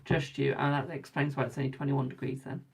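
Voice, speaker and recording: A woman's voice: a bass voice, flat delivery, fast talker, a little mellow, a little hiss or hum. A young English woman hosting a live tarot stream, chatting casually and teasing her viewers as she reads their comments. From England.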